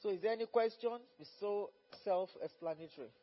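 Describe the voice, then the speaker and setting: A man preaching at a Bible study as pastor, fervent and repetitive, rising to loud exhortation. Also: sits high, fairly quick. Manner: fervent, repeats phrases, rises to loud exhortation. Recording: dull lo-fi recording.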